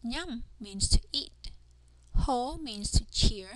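Slow, careful woman teaching a language. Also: a little high, lively intonation, fairly bright tone, dry recording, poor audio. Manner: careful, deliberate pronunciation of drilled sounds. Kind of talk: slow instructional language lesson. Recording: noticeable background noise.

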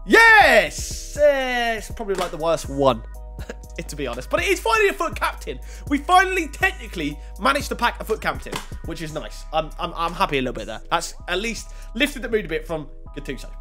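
Young male gaming YouTuber, high and bouncy voice, excitable casual pack-opening commentary. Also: fast talker, faint music behind. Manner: excitable, swinging between groans and yelps.

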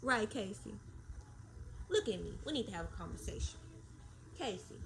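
Gravelly mother cooing to her baby. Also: a little high, fairly quick, a little mellow, soft background music, rough recording. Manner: coos and talks to her baby, repeating words in a playful sing-song. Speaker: young mother on a livestream. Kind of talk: casual livestream chat with her baby. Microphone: phone livestream.

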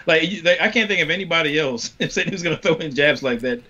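Fast-talking man on muffled call. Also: on the high side, bright, forceful tone. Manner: quick, keeps asking "you know what I'm saying". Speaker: guest. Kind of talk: casual live chat.

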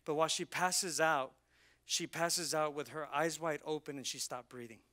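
A man pastor preaching a sermon, telling a personal story and rising to loud, fervent preaching. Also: a little high, fairly even intonation, normal speed. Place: church.

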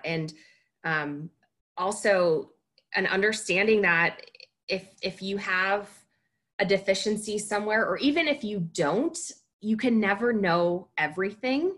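A woman hosting a podcast, asking measured questions and thanking her guest. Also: mid-range voice, a bit bright. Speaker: podcast host. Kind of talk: interviewing a guest.

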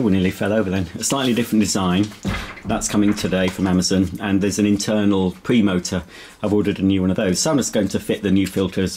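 A lowish, darkish male voice belongs to a vlogger eating while he gives a rambling, casual video tour of the inside of a house.

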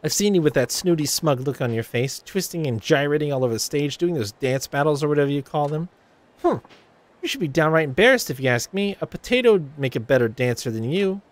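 A man's voice: fairly high pitch, lively intonation, a little fast, close to an everyday voice. A man voicing a snooty, boastful young female idol rival while reading video game dialogue aloud. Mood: mocking. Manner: haughty, boastful, whiny.

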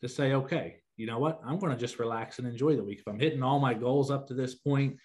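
A man's voice: mid-range voice, fast talker, darkish tone. A man hosting a podcast, explaining steadily and steering the conversation. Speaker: podcast host. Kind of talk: casual podcast talk.

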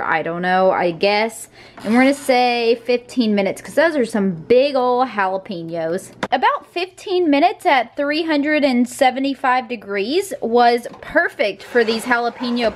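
A woman's voice: a little high, slight background noise. A young woman, chatting casually through her day as a vlogger. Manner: chatty, talks baby-talk to her dogs. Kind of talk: casual vlog narration.

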